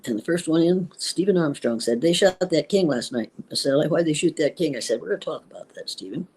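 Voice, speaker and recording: A woman's voice: deep voice, warm tone, slightly rough, low-quality recording. An older woman, a retired schoolteacher, telling her story in an interview with emphatic, indignant feeling and acting out the dialogue she recalls. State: tearful at times. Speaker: interview guest, former schoolteacher.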